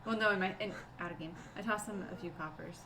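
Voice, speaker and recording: A soft-spoken woman playing in an online tabletop game. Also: on the low side, fast. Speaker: player. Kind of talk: casual game banter. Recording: background chatter.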